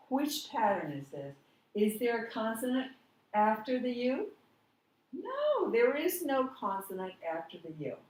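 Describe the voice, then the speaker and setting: A woman teaching a slow, patient phonics lesson, quizzing the listener on syllables. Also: medium pitch, darkish tone, distant mic, a little hiss or hum. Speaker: reading teacher. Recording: echoey room, voice off-mic.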